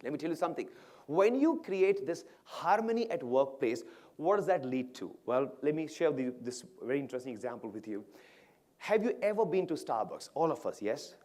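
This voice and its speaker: A man giving an energetic motivational speech to an audience at an awards event, often asking the crowd questions. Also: on the high side, a little fast. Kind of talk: animated stage speech to an audience. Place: large event hall with live audience.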